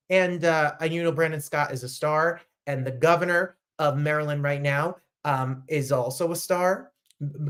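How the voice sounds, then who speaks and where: A man from New Jersey hosting a talk show, chatting casually with gushing, animated asides. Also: fairly high pitch. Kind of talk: casual livestream chat.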